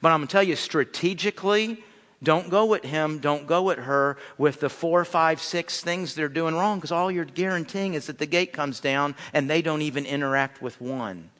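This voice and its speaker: Pastor, male, higher register, animated sermon delivery with playful asides; recorded in a big echoing church. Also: moderate pace. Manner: animated, conversational preaching with acted-out asides. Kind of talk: sermon on marriage.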